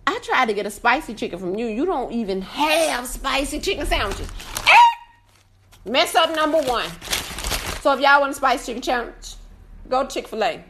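Woman, live food-review rant; loud, profane, swooping and animated delivery, bright edge. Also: high voice, fairly quick, slight background noise. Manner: laughs through her complaints. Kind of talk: casual ranting review.

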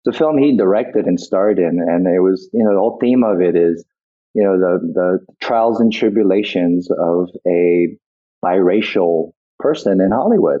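A man's voice: low voice, moderate pace. A middle-aged man, a guest actor, reminiscing in a casual interview, rambling and reflective with many restarts. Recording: tinny phone-like line.

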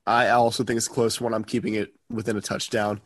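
A man's voice: fairly low pitch, level tone, fast. A sniffly man who is sick, co-hosting a sports podcast in a rambling, joking way and often correcting himself. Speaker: podcast co-host. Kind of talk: casual sports chat.

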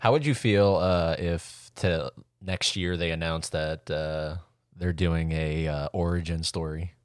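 Low-voiced man chatting about films. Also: steady tone, a little slow, no echo, clean studio sound. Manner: loose, laughing, lots of fillers. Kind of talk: casual film chat.

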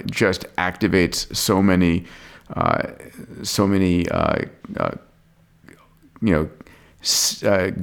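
A man's voice: sits low, creaky, clear, resonant tone. A man hosting a podcast in casual chat, enthusiastic, jumping in with comments and reactions. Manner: enthusiastic, interjects and laughs. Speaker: podcast host.

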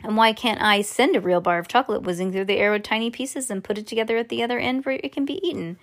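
An eccentric, excitable chocolate maker, as a woman reading aloud puts him on. He explains things eagerly in a fairly high voice and breaks into excited exclamations, like a storybook read at home. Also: quick pace, close to an everyday voice.

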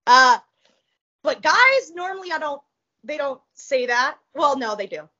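Blunt, high-voiced woman telling a story. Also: measured pace, dull audio. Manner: blunt, profane, animated. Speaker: interview guest. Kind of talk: casual storytelling interview.

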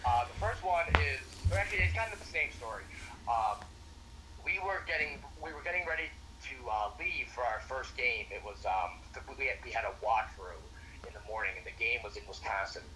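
A man's voice: medium pitch, animated, a little fast, bright, forceful tone, slight background noise, low-quality recording. A young man, a former college football coach, telling stories in a casual interview with lots of fillers and restarts. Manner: rambling, many restarts and fillers.

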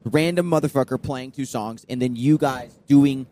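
A man in casual podcast chat, telling animated tour stories and acting out fans' lines. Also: mid-range voice, moderate pace. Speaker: podcast guest, touring musician.

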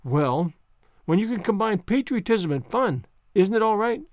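A man voicing a chatty, dreamy, excitable orphan girl in a storybook reading, speaking in a gushing, romantic way. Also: high voice, normal speed, no room sound, clean studio sound. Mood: eager.

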